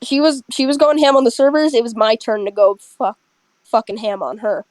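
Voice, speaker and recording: Blunt, fast-talking young woman with a higher voice. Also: dry recording, rough recording. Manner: blunt, profane, animated storytelling. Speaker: restaurant server telling a story. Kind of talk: casual chat with friends.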